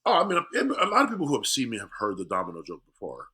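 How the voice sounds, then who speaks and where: A middle-aged male comedian telling stories in a casual interview, animated and acting out voices. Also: on the low side, very fast, husky. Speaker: comedian guest.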